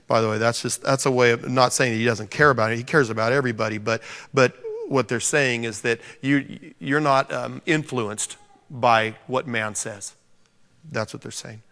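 A man preaching a sermon to a congregation, animated and joking, acting out the scripture quotes. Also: mid-range voice, normal speed. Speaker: pastor. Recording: long reverb of a large hall.

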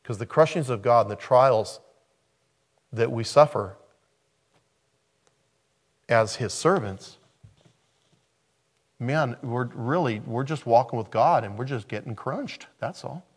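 A man's voice: mid-range voice, takes it slowly, long pauses, breathy edge. A man preaching a sermon as a pastor, emphatic and repeating key phrases for weight.

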